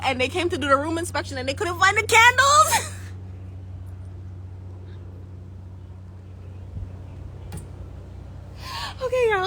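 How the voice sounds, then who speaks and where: A woman's voice: extremely high pitch, slight background noise, low-quality recording. A young woman with a Jamaican accent, a spiritual coach telling history to her viewers in a casual, jokey way and slipping into patois. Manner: jokey and animated, laughs often, slips into patois. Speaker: spiritual coach and YouTube host.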